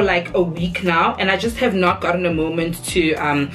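A young woman talking casually to her viewers in a vlog, bubbly and chatty, her voice jumping up into squeals when she gets excited. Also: fairly low pitch, moderate pace, over music. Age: young adult. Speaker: content creator.

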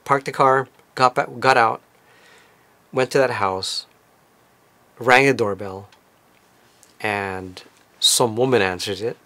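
A man casually recounting a trip as a vlogger, in a relaxed, conversational storytelling manner. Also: medium pitch, slow, pauses often, dry recording. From lives in Tokyo. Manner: relaxed, conversational retelling with fillers.

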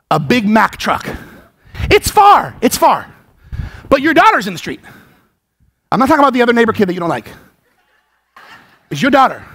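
Passionate male preacher, high and very animated, prone to shouting. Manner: passionate, rising to shouts, repeats words when excited. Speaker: pastor. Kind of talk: sermon. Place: church sanctuary.

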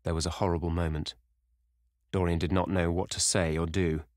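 A man reading a classic novel aloud as an audiobook, in measured, grave narration. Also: deep voice, level tone, a little mellow, dry recording, studio quality.

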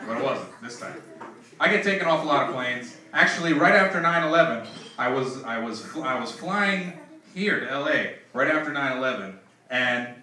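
A man doing a stand-up comedy set on a club stage, telling stories with acted-out dialogue. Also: mid-range voice. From Philadelphia, United States. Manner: lively storytelling with acted dialogue. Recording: echoey club, distant mic, audience noise. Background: audience laughter.

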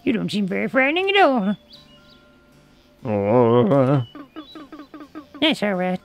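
A streamer voicing a genteel old woman who keeps the woods in a video game, in a high, fluttery old-lady voice. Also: wildly swooping pitch, slow pace, gravelly, faint music behind, full character voice. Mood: startled. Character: chirpy old woman forest keeper. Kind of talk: reading game dialogue aloud.

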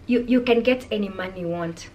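A young Kenyan woman vlogging, speaking calmly and softly as she reads out viewer comments and answers them. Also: medium pitch, fairly quick. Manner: calm, soft-spoken, reads viewer comments aloud and replies. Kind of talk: casual vlog chat.

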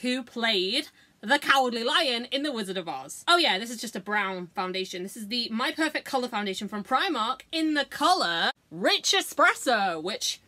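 A woman's voice: fairly high pitch, lively intonation, moderate pace, pushed and bright. A woman, chatting casually through a makeup tutorial, sweary, giggly and self-mocking. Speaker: beauty vlogger.

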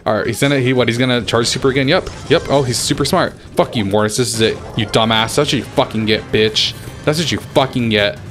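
A young man talks over his gameplay at a middle pitch, steadily growing more frustrated. He swears freely and trash-talks the other players. Faint game music plays behind him. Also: quick pace, fairly bright tone. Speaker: gaming YouTuber. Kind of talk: casual gameplay commentary.

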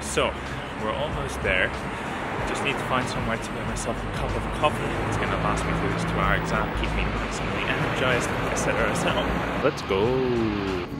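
Laid-back young man vlogging. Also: fairly low pitch. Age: 20s. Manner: relaxed, chatty, says "mad" a lot. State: out of breath while walking. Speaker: medical student vlogger. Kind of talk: casual vlog talk to camera. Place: London streets and home.

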